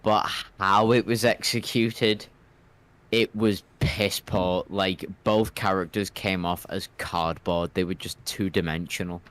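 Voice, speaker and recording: A man's voice: deep voice, fairly even intonation, unhurried, a bit bright. A man chatting as a guest on a livestream, giving blunt opinions in casual slang. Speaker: guest co-host.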